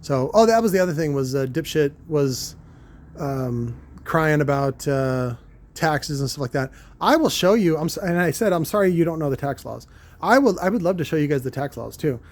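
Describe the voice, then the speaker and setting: A man's voice: on the high side, lively intonation, moderate pace. A man, a car audio shop owner, talking in a rambling casual monologue, crude and joking, with many restarts and filler words.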